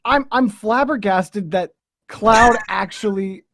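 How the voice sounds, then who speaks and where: A theatrical, excitable man talking fast during an online party game on a video call. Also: high voice, no room sound. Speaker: game player. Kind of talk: casual game banter.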